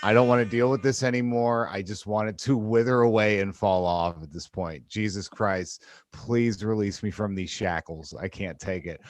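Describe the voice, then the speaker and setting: A man's voice: lowish voice, moderate pace, no room sound. A man in his thirties doing stand-up from his studio apartment over a video call, ranting in a blunt, exasperated, profane way. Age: 30s. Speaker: comedian.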